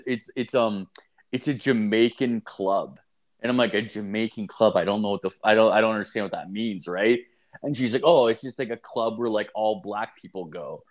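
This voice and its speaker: Profane rambling young man. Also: on the low side. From Canada. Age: young adult. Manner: rambling, profane storytelling with many fillers. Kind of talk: crude casual chat.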